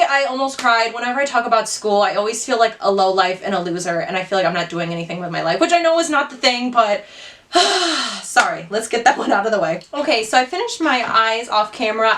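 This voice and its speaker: A woman's voice: mid-range voice, a bit bright, distant mic. Young woman, twenties, casual vlogger, chatty filler-heavy delivery, mid-range voice, sits a little off-mic. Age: 20s. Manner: chatty, lots of "like" fillers, candid and self-critical. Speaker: beauty vlogger. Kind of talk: casual chat while doing makeup.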